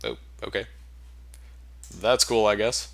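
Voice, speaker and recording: A man giving casual, deadpan commentary while playing a role-playing game. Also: fairly low pitch, slow, gravelly. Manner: wry, deadpan asides. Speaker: game let's-play host.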